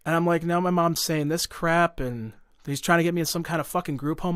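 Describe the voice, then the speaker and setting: A man's voice: on the high side, steady tone, brisk, a bit bright, clear, resonant tone, no room sound, clean studio sound. A young man telling a long personal story in a casual podcast chat, heated and profane, full of fillers and restarts. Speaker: podcast guest.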